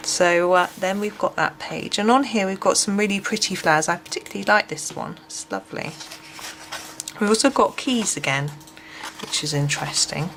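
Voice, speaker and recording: A woman chats softly through a casual colouring book flip-through, hesitating often with ums and sometimes sinking to a near whisper. Her pitch sits in an ordinary middle range. A clear, steady background noise runs under the whole recording. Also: normal speed. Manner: gentle, hesitant, frequent ums, drops to near whisper while unwrapping.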